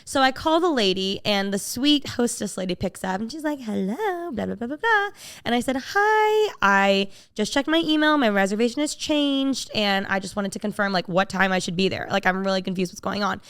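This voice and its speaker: Speaking briskly with hardly any pauses, a woman hosting a podcast tells a story in a smooth, mid-range voice. Her casual chat is animated as she performs the voices of the story's characters.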